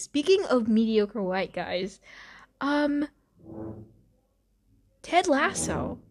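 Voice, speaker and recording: A woman's voice: medium pitch, slow pace, a little mellow. A woman hosting a casual chat, rambling and swearing freely, with laughs and restarts. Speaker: podcast host.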